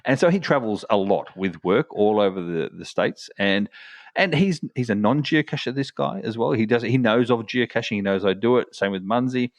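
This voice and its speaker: A man's voice: lowish voice, animated, moderate pace, dry recording. A man co-hosting a travel podcast in casual chat, rambling with many restarts and fillers. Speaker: podcast co-host.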